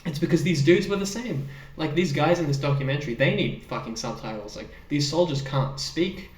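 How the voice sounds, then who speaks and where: A man co-hosting a podcast in a casual film discussion, talking in an animated way with laughs and the odd swear word. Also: on the high side, brisk, recorded from a distance. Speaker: podcast co-host. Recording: roomy sound, speaker off the mic.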